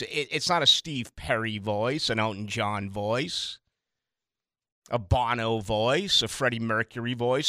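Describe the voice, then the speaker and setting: A man's voice: mid-range voice, sharp tone, dry recording, clean studio sound. A middle-aged man from Boston, a radio talk show host, rambling through a casual monologue with emphatic asides and stuttered restarts.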